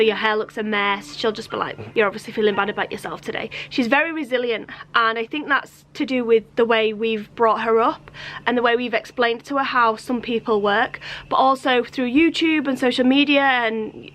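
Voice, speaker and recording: A woman's voice: on the high side, a bit bright. A woman, talking to camera in a casual vlog, exasperated and emphatic, laughing between points. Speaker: family vlogger.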